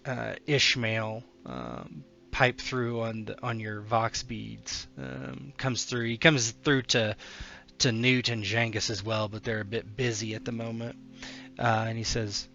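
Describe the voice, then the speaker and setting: A man narrates a tabletop game at an unhurried pace, with plenty of ums and uhs. His voice is gravelly and bright. The recording is dull and lo-fi, with faint music behind him. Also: medium pitch, steady tone. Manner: slow, loose narration with many fillers. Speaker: game master.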